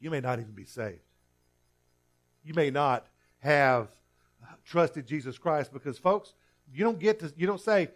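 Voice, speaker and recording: Earnest preaching man, higher voice. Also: expressive, measured pace, long pauses, faint music behind. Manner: earnest, repetitive preaching with stammered restarts. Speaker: pastor. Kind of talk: sermon.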